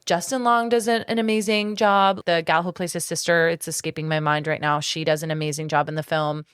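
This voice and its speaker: A woman's voice: low voice, steady tone, brisk, fairly bright tone, clear, resonant tone. A woman co-hosting a podcast, chatting casually and enthusiastically, swearing often and using many fillers. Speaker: podcast co-host. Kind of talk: casual chat.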